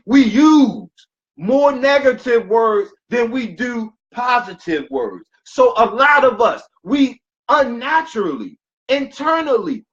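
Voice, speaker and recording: High-voiced, slow, preacherly wellness coach man. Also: a bit bright, highs cut off. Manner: preacherly, repetitive, emphatic bursts. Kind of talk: motivational health talk.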